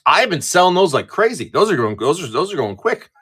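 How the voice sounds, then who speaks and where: A man's voice: a little high, sing-song, fairly quick, sharp tone, husky. A middle-aged man chatting casually and profanely on a card-opening live stream, rambling and laughing easily. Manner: rambling with frequent restarts.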